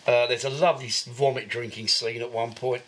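A man's voice: mid-range voice, steady tone, fairly quick, fairly bright tone, a little hiss or hum. A man co-hosting a podcast, giving a rambling, filler-heavy recap of a film in casual chat. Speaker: podcast co-host.

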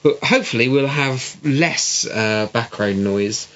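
A man's voice: medium pitch, unhurried, a bit bright. A man co-hosting a podcast in casual chat, wry and hesitant with frequent ums. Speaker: podcast co-host. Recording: dull lo-fi sound with electrical hum.

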